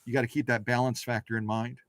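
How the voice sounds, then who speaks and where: A man hosts a live sewing demonstration, talking viewers through each step in a relaxed, folksy way. His voice sits in a middle range and sounds dry and close, with no room echo. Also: medium pitch, fast. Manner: chatty, folksy, reads viewer chat. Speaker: sewing machine restorer hosting a livestream.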